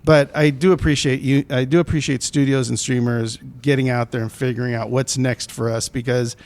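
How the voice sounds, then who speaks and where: A man's voice: mid-range voice, steady tone, a little fast, darkish tone. A man co-hosting a podcast, a film producer explaining the business side in a loose, rambling way, often correcting himself mid-sentence. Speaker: podcast co-host. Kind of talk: casual podcast chat.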